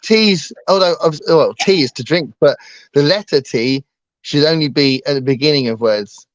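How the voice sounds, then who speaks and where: A man's voice: fairly high pitch, normal speed, no room sound. English man co-hosting a casual chat, light voice, dry muffled stream audio. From England. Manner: chatty, self-deprecating, laughs often. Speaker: co-host.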